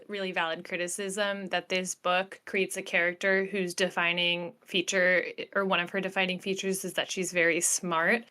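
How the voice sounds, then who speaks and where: A woman's voice: mid-range voice, pushed and bright. A woman co-hosting a podcast, giving blunt, wry critique in casual chat. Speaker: podcast co-host. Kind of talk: casual book discussion.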